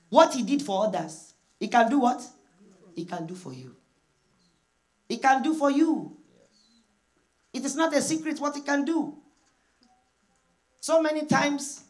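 Fairly high-voiced woman preaching emphatically. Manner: emphatic repetition with call-and-response; acts out prayers in quoted voices. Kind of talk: sermon.

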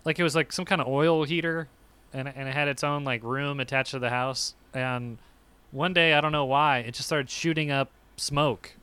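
A young man co-hosting a podcast, telling animated stories in casual chat and acting out quotes with sudden yelps. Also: medium pitch, moderate pace, clear, resonant tone, no echo. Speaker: podcast co-host.

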